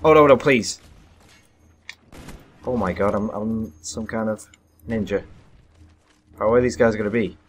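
A young man giving live commentary over his own gameplay, excitable and self-deprecating, breaking into sudden loud yelps. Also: fairly low pitch, moderate pace, pauses often, slight background noise. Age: young adult. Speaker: gaming commentator.

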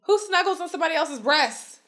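A woman's voice: very high-pitched, lively intonation, brisk, a bit bright. A young woman co-hosting a podcast, chatting casually and telling stories with blunt, profane humor, acting out the people in them, often laughing. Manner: acts out the other people in her stories, swears freely, laughs a lot. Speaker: podcast co-host. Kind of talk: casual chat, animated storytelling.

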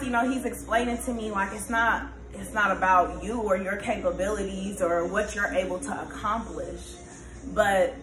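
A young woman vlogging in a casual, candid monologue, rambling with lots of fillers and often laughing. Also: mid-range voice. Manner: laughs often, turns loud and animated when excited. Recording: echoey room.

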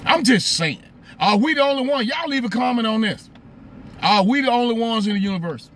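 Chatty man with a high voice. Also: expressive, brisk, fairly bright tone, a little hiss or hum. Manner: chatty, greets viewers by name, asks rhetorical questions. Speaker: live stream host. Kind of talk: casual live stream talk.

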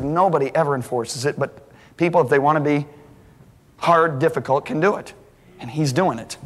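Animated guy preaching, bright high voice, long hall echo, acts out every line. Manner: animated, acts out dialogue, restarts. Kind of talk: storytelling sermon. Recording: hall reverb.

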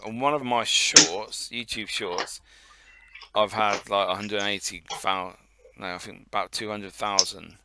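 A man with a Northampton accent co-hosting a casual podcast, relaxed, laughing and swearing freely. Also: fairly low pitch, measured pace, very noisy. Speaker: podcast co-host. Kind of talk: casual chat.

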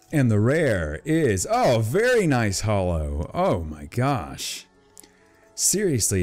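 Low-voiced excitable man opening cards. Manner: chatty, excitable, gushing over pulls. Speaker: card-opening YouTuber. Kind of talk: casual unboxing commentary.

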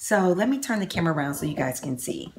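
Excited chatty woman vlogger, low-pitched. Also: fast, noisy background. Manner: excited, chatty, reading results aloud. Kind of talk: casual vlog to camera. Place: at home by a computer.

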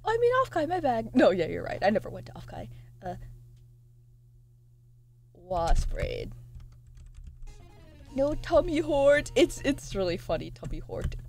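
Lively excitable woman streamer. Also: medium pitch, normal speed, gravelly, pauses often. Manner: reads chat aloud, excitable, swears. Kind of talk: casual live-stream chat.

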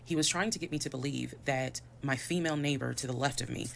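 A woman, telling a personal story in a fast, animated and detailed way. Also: a bass voice, gravelly, a little hiss or hum. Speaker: storyteller in a played video.

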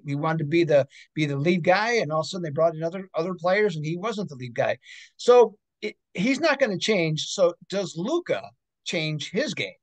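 A man's voice: high voice, no room sound. Emphatic man tagging "okay?" on betting talk. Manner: emphatic, tags points with "okay?". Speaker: podcast co-host, sports betting analyst. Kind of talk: casual sports betting chat.

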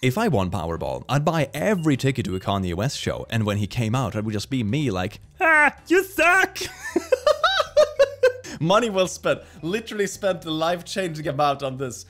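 Sarcastic young man reacting with lively swings. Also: mid-range voice, fairly quick, few pauses. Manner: sarcastic, laughs often, puts on silly voices. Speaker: reaction video host. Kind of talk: reading and reacting to posts.

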